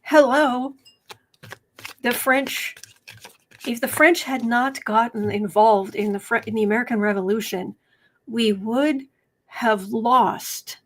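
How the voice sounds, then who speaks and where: Slow-talking sardonic woman streamer. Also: on the high side, fairly bright tone, slight background noise. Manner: chatty, sardonic, reads chat aloud. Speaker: tarot reader and political commentator. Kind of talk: casual livestream commentary.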